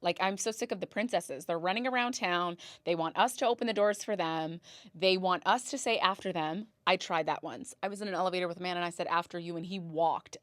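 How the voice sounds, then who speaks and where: A young woman hosts a podcast, telling stories in a casual, dramatic monologue and throwing in swears and gasps for effect. Her voice is lowish and fairly bright, she talks fairly quickly, and there's no room sound.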